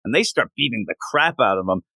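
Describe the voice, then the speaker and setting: A man co-hosting a podcast, chatting casually in an animated, rambling, joking way. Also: medium pitch, fast talker, gravelly, no room sound. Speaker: podcast co-host. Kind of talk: casual chat.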